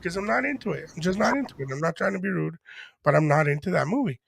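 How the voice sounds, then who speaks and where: High-pitched, gravelly, and husky, an older man talks fast as he shares a story during casual podcast chat. As co-host, he animatedly acts out the quotes of the people involved.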